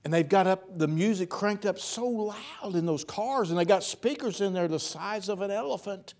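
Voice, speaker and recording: At a normal speed, this preacher uses homespun speech, swinging from sudden loud bursts down to low, gentle lines and repeating words to drive points home.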